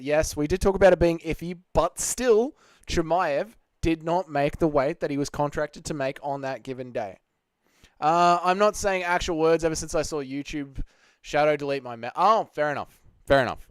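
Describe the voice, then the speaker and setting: Casting note: man, slightly high voice, smooth and clean, dry close sound, livestream host bantering with chat. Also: no echo. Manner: reads chat comments aloud and argues back. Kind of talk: casual live Q&A chat.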